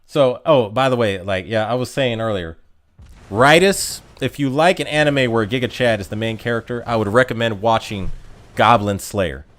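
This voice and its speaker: A man's voice: mid-range voice, normal speed, fairly bright tone. A man chatting casually on a livestream, reading viewer comments aloud and joking in a rambling, self-amused way. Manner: joking, rambling, laughs at his own jokes.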